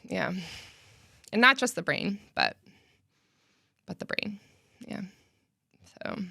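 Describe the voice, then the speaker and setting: A woman who coordinates a concussion program, talking casually and animatedly on a podcast, full of fillers and quick laughs. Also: medium pitch, wildly swooping pitch, vocal fry, sharp tone, no echo, clean studio sound. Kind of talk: casual conversational interview.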